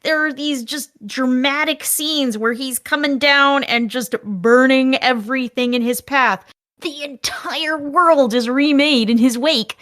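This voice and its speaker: A woman co-hosting a casual podcast, explaining events in an animated way. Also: high-pitched, unhurried. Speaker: podcast co-host.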